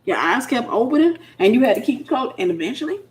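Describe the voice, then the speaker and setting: A middle-aged woman minister preaches informally to single women, blunt and sassy, acting out the voices she quotes. She speaks quickly in a high-ish voice with big pitch swings.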